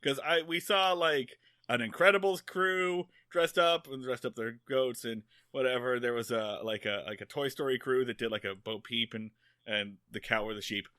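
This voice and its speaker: A man co-hosting a podcast, telling a rambling, animated story in casual chat and swearing freely. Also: mid-range voice, normal speed, dry recording, clean studio sound. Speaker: podcast co-host.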